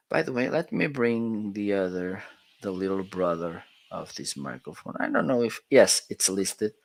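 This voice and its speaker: A man's voice: deep voice, vocal fry, dry recording. A man hosting a casual live-stream product demo, chatting and testing microphones aloud with counts and laughs. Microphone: swapping between studio microphones.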